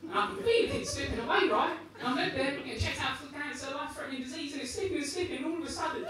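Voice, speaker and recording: A British man doing stand-up with a dry, conversational delivery. His voice is picked up from a distance and rings around an echoey club, with an audience laughing loudly behind him. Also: very high-pitched, lively intonation, racing, a crowd in the background. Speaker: stand-up comedian. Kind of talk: stand-up set.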